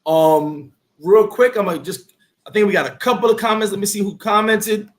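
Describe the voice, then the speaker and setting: A man hosting a casual talk show, speaking in a lively, preachy motivational way. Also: sits high, brisk. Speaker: host. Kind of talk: casual chat.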